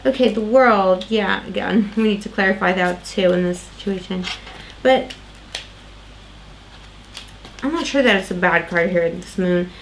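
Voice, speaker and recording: A woman's voice: mid-range voice, measured pace, long pauses, slight background noise, poor audio. A woman doing a casual tarot reading, talking in a loose, rambling way with lots of fillers and restarts. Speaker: tarot reader.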